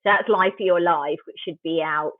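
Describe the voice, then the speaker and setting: A woman's voice: on the low side, steady tone, brisk, dry recording. A woman author speaking as an interview guest, thoughtful and wry, often restarting her sentences. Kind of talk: casual interview chat. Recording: tinny phone-like remote call line.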